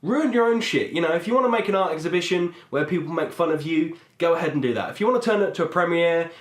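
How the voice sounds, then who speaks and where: A man's voice: on the high side, animated, very fast. A man, co-hosting a podcast, rambling and joking crudely in casual chat. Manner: rambling, laughs a lot, crude jokes. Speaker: podcast host. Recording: echoey room.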